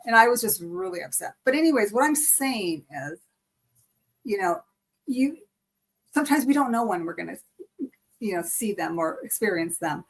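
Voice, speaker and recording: A woman hosting a live spiritual chat stream, telling a personal story in an animated way. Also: mid-range voice, moderate pace, long pauses. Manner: animated storytelling, acts out quoted speech. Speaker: host. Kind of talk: casual chat.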